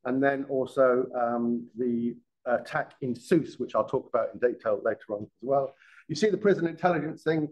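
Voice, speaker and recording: A man's voice: mid-range voice, moderate pace, darkish tone, low-quality recording. A middle-aged man, a former police detective, giving a live classroom lecture, often restarting words and checking in with the class. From England.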